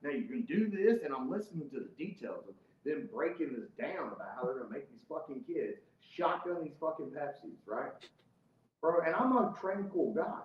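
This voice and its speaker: A man's voice: on the high side, lively intonation, normal speed, a little hiss or hum. A man telling a heated, profane story as a guest in casual podcast chat. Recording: roomy, slightly dull podcast audio.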